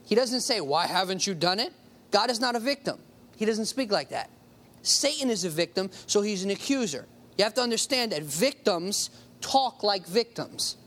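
A preacher working through a Bible passage in an easygoing, conversational sermon. The voice sits at a middle pitch and lands hard on key words, slowing down to hammer each point home. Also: lively intonation, a bit bright. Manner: conversational, emphatic, slows down to stress key words.

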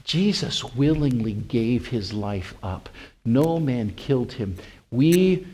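Preacher swinging between loud and hushed. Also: male voice, animated, breathy edge. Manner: swings from loud, high-pitched exclamations to slow, hushed near-whispers; asks the congregation rhetorical questions. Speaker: pastor. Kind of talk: sermon.

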